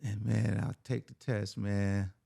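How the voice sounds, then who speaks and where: Guy with a real gravelly rasp spinning a story on a podcast, super casual, dry close mic. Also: fairly low pitch, level tone, slow pace, mellow, no room sound. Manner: conversational, says "man" and "right?" often. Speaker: podcast guest.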